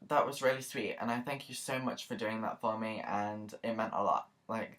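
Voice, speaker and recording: Chatty, rambling woman vlogger. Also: a bass voice. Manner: chatty and rambling, many fillers and asides; earnest and emotional. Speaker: YouTuber. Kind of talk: casual vlog talk to camera.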